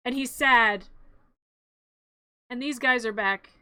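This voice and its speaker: A woman's voice: fairly high pitch, slow, sharp tone, clear, resonant tone, no room sound. A woman streamer narrating a cartoon in a playful, rambling, giggly way, often correcting herself.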